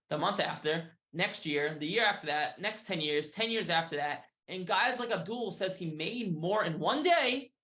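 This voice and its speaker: A man giving an upbeat, hard-sell sales pitch, often tagging his lines with "right?" and "okay?". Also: pushed and bright. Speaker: sales presenter.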